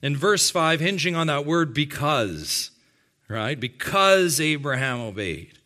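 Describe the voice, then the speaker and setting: A man delivering a sermon with a bright, ringing tone and a slightly raised pitch. He speaks straight to his congregation and slows down to stress key words, with a strong emphatic rise on the main points. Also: sing-song. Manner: emphatic preaching, slowing and rising on key words; addresses the congregation directly. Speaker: pastor.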